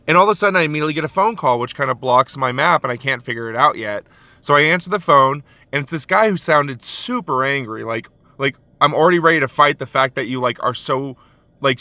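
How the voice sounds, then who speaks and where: A man shares delivery-driver stories and tips in a relaxed, chatty way, full of fillers. His voice is bright and forceful. The sound is dry and close, with no room echo. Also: mid-range voice. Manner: conversational, loose, many fillers like "like" and "um"; acts out his own polite apologies in quotes. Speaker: food delivery driver and vlogger. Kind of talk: casual storytelling and advice.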